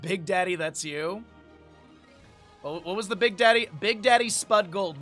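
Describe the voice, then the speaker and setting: A man's voice: high voice, measured pace, pushed and bright, faint music behind. A man streaming, chatting casually with his chat, laughing often and reading aloud from a menu. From Lake Tahoe area, United States.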